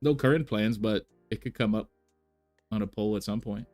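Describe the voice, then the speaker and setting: A man's voice: lowish voice, moderate pace, a little mellow, soft background music. A man chatting casually on a live stream, thinking aloud with many fillers and restarts. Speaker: reaction streamer.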